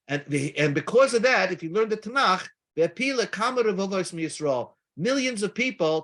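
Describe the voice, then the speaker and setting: A man with a high, slightly bright voice gives a Daf Yomi lecture teaching Talmud readings. His explanation halts and restarts frequently as he moves between Hebrew-Aramaic text and English.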